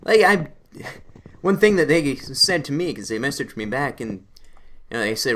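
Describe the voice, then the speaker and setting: A man's voice: medium pitch, lively intonation, normal speed, sharp tone. A young man from Canada, a gaming channel host, rambling animatedly through a casual story while playing a game.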